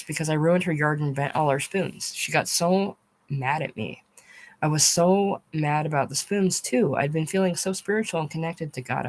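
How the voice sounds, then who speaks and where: A woman with a low voice reads aloud from a memoir written as a dialogue, telling its stories conversationally and voicing the quoted lines herself. She is an audiobook narrator, and the recording quality is rough.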